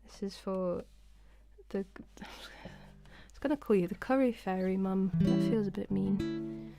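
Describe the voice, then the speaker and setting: A woman's voice: medium pitch, normal speed, vocal fry, loud music behind the voice. A woman, a singer-songwriter chatting casually and giggling to viewers on her live stream from home. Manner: chatty, giggly and self-deprecating.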